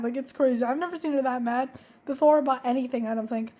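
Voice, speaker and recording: A woman's voice: high voice, quick pace, darkish tone. A young woman telling a story to camera in a casual, chatty way, swearing freely and filling her talk with "like". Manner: chatty, profane, heavy use of 'like'. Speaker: vlogger.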